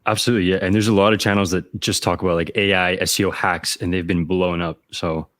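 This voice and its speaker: A man hosting an interview, asking questions in a quick, eager, agreeable way. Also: sits low, fairly even intonation, fairly bright tone, dry recording, clean studio sound. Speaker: podcast host, interviewer. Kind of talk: casual interview chat.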